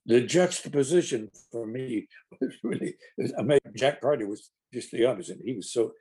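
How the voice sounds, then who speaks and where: Husky older man telling showbiz stories. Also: mid-range voice, animated, normal speed, warm tone. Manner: rambling with many restarts, acting out quoted lines. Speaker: actor guest. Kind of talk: anecdotal storytelling in conversation.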